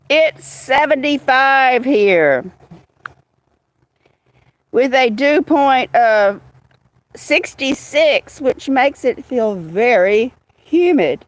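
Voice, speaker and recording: Lady chatting slow on a phone livestream outside, higher voice, dry sound. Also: no room sound. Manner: slow, chatty, greets viewers by name. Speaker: livestream host. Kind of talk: casual livestream chat. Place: outdoors with cats.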